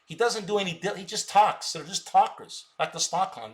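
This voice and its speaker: A man with a somewhat high voice rants to his live stream viewers. He sounds combative, and he stammers by repeating words over and over as he pushes his points. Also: lively intonation, moderate pace. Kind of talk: unscripted live stream talk.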